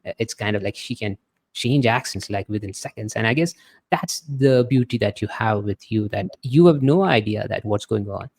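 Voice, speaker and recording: Low gravelly podcast host, dry sound. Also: male voice, moderate pace, a little mellow, dry recording. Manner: rambling, searching questions with many fillers. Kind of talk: podcast interview.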